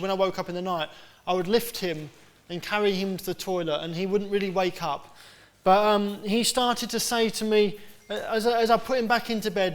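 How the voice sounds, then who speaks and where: A man's voice: sits high, fairly bright tone. A middle-aged man preaching a sermon as pastor, chatty and anecdotal with plenty of fillers and restarts.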